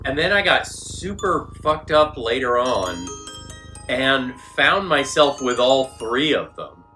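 Slow-talking, profane man telling stories. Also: mid-range voice, lively intonation, pushed and bright, low-quality recording. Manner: loose, profane storyteller. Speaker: co-host. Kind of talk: casual chat about music. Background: music.

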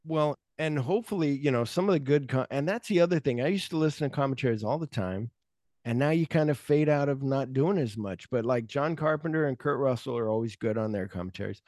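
A man of middling pitch hosts a movie podcast, talking in a loose, meandering way and leaning on filler words as his thoughts wander. The mic sound is close and dry, with no room around it. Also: fairly quick, darkish tone, no echo. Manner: rambling, loose, heavy on fillers. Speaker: podcast host. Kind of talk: casual film chat.

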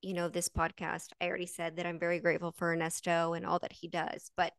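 A woman's voice: fairly low pitch, monotone, fast talker, creaky, smooth, dry recording, clean studio sound. A woman co-hosting a podcast live, chatting upbeat and talking straight to her listeners. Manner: upbeat, addresses listeners directly. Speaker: podcast co-host. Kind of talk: casual live-stream chat.

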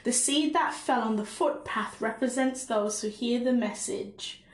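Caribbean lady doing a chill bible study podcast, slow talker, lots of ums, kinda echoey room. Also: a little high. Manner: relaxed, with frequent fillers and self-asides. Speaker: podcast preacher. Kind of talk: casual devotional teaching and scripture reading.

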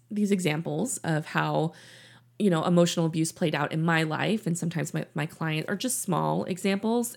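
A middle-aged woman talks earnestly into the mic in her office, coaching her listeners through personal stories. Her voice sits fairly low and has a gravelly fry. Her delivery is gentle and instructive. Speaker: podcast host and life coach. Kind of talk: reflective podcast monologue. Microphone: studio mic in her office.

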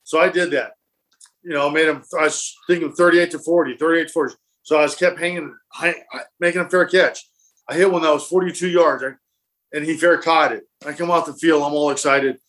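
A man with a slightly high voice tells old football stories as a guest. He talks casually and playfully, acting out the voices of the people in his stories. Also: fairly quick. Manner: animated, acts out quotes and laughs. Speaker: former football punter, guest. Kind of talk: casual storytelling.

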